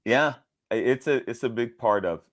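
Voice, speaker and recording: A middle-aged man from the American South, a voice actor telling animated stories in a casual interview. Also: moderate pace. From Southern United States, Georgia. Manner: animated storyteller, leaps up high when quoting people. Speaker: voice actor guest.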